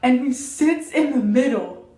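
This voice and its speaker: Young woman, casual storytime vlog, dramatic, animated, roomy echo, distant mic. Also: sits high, a little slow. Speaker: vlogger.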